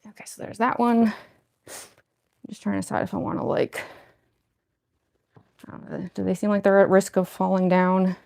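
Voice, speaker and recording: Her voice is mid-range, gravelly and a little mellow, with fairly even intonation at a normal speed, and she pauses often. A young cosplayer getting into costume on a livestream, she chats in a rambling, self-deprecating way full of fillers, lisping slightly because of her fangs.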